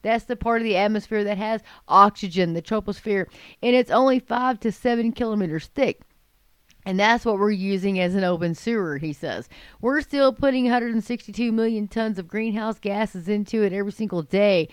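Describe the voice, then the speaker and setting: A woman's voice: mid-range voice, normal speed, clean tone, dry recording. A woman hosting opinionated commentary, reading out a news story and mocking it, talking straight to her viewers. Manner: scornful, mocking, addresses viewers as folks. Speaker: commentary host.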